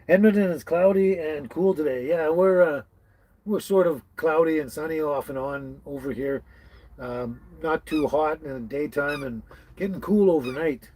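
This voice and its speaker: In a low-quality recording, a slightly high, somewhat mellow voice moves at a somewhat slow pace. The speaker is a livestream host from British Columbia, Canada, casually greeting his viewers by name in a folksy manner from a tiny house with dogs close at hand.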